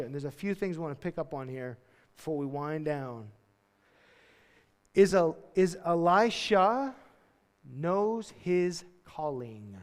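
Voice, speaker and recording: A man preaching a sermon as a pastor, telling Bible stories in a lively, casual way and acting out the characters. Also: on the high side. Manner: animated storytelling, acts out Bible characters in casual voices. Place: church sanctuary. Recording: long church reverb.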